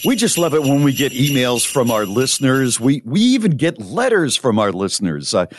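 A man co-hosting a radio show, telling stories in casual, earnest chat with halting restarts. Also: mid-range voice, very animated, a little hiss or hum.

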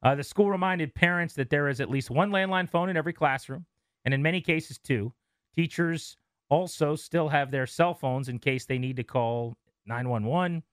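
A man in his thirties hosting a radio talk show, reading news stories aloud with relaxed asides. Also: a little high, moderate pace, clean tone, dry recording, studio quality. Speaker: radio host.

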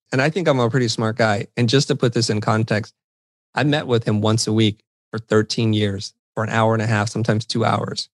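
A middle-aged man recounts his experiences as a podcast guest, slipping into quoted dialogue and poking fun at himself. His voice is mid-pitched and even. The recording is dry and close, with no room sound. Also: dry recording. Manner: animated, self-deprecating anecdotes with quoted dialogue. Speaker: interview guest. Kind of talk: conversational storytelling.

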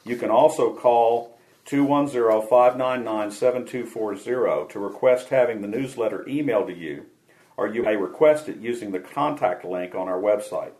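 A man's voice: fairly low pitch, darkish tone, poor audio. Man hosting a scripted radio show. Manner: measured, reading aloud.

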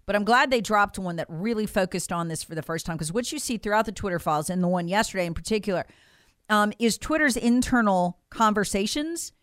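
Woman pundit, emphatic and scornful, smooth clear tone, close dry sound. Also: mid-range voice, brisk, a bit bright, dry recording. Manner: indignant, emphatic, mocks quoted officials. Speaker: political commentator. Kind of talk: political talk show commentary.

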